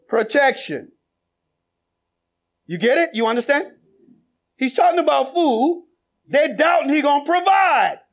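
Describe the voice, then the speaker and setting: A man a sermon, quizzing the congregation and then building to shouted exhortation. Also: high voice. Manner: builds from conversational questioning to shouted preaching. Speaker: preacher. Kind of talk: sermon with congregation call-and-response.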